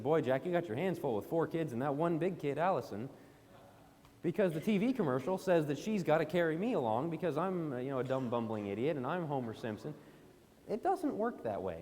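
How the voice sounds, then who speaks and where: Preacher, male, fairly high voice, emphatic sermon delivery, long reverb of a church hall. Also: a little mellow. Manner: emphatic, rising to indignant questions. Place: church auditorium.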